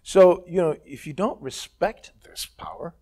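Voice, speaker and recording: Man, guest actor, onstage conversation, casual and musing, slightly high voice. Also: sing-song, a little slow, warm tone. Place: college event stage.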